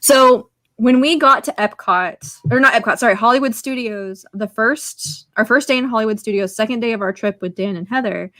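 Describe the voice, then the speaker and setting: A woman co-hosting a podcast in casual chat, excitable and chatty, stringing her stories together with lots of "like". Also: a little high, moderate pace, dry recording. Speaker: podcast co-host.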